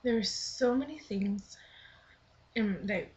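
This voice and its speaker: A woman's voice: mid-range voice, takes it slowly, a little hiss or hum. Earnest young woman vlogging, dull lo-fi audio. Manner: earnest, thoughtful, with soft half-whispered stretches. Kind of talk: reflective personal vlog, reading her own blog aloud.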